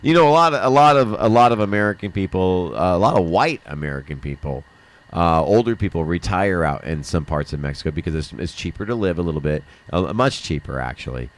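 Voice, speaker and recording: A middle-aged man hosts a livestream in a studio, talking loosely and laughing often, with easy swearing. His voice sits fairly low. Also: animated, fairly quick. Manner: laid-back, laughs often, swears casually. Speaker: livestream host. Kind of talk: casual chat.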